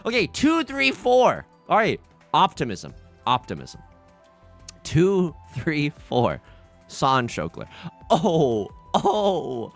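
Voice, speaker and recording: A man's voice: on the high side, wildly swooping pitch, takes it slowly, gravelly, faint music behind. A young man hosting a let's play, chatting casually and mock-outraged at his luck in a self-deprecating way. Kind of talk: casual gameplay commentary.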